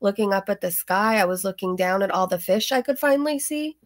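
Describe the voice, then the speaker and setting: A woman's voice: medium pitch, animated, brisk, no room sound, clean studio sound. A young woman hosting a live stream, chatting casually in an offhand, rambling way. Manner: offhand, dismissive, rambling with fillers. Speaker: commentary streamer host.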